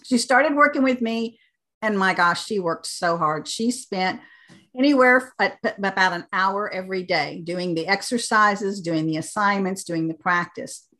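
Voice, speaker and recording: An American woman working as an accent coach, explaining things clearly as an interview guest and turning animated when she tells stories. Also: mid-range voice, normal speed. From United States.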